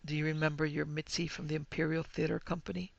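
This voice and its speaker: A man's voice: fairly high pitch, flat delivery, fast, creaky, lo-fi sound. Mitzi, a mournful ghost actress with a South German accent, as a man reads her. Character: female ghost of a murdered young actress.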